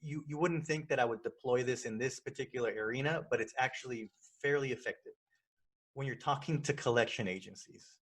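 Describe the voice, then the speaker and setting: A man's voice: mid-range voice, fairly quick. A man hosting a casual podcast conversation, talking animatedly and persuasively, acting out phone calls as he argues his point. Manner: animated, acts out phone calls in quoted voices; persuasive, repeats points for emphasis. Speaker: podcast host.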